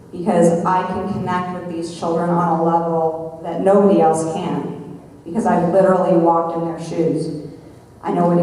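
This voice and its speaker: A woman in her thirties, a guest speaker giving an earnest, measured personal testimony. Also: lowish voice, mellow, a little hiss or hum. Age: 30s. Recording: echoey hall, mic far off.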